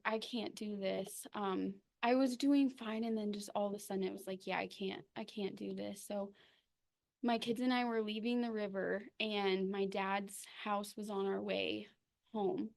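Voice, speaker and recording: A young woman giving a personal recovery testimony, halting and full of ums and pauses. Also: mid-range voice, a little mellow. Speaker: recovery meeting speaker.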